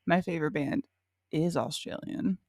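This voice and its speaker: A woman's voice: sits low, steady tone, normal speed, darkish tone, no room sound, clean studio sound. A young woman co-hosting a podcast, laid-back and wry, giggling as she chats. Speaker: podcast co-host. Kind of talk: casual chat.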